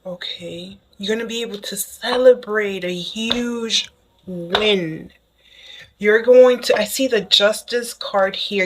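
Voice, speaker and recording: A woman giving a casual spoken tarot reading to the viewer, excitable and chatty, who keeps checking in with "okay?". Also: medium pitch, a little hiss or hum, poor audio. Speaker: tarot reader.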